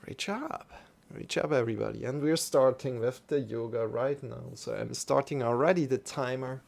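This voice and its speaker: Male yoga teacher, gravelly voice, calm, gentle cues for a live-streamed class. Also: mid-range voice, moderate pace. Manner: calm, gentle guiding instructions; greets chat viewers by name.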